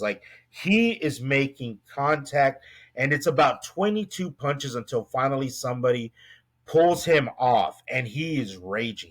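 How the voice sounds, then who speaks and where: A man's voice: medium pitch, fairly bright tone. A man co-hosting a casual news-roundup podcast, telling a story in a loose, rambling way with swearing and quoted dialogue. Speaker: podcast co-host.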